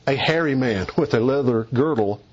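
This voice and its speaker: A man preaching an expository sermon, emphatic and deliberate, leaning hard on key words. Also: medium pitch, darkish tone, slightly rough, dull audio.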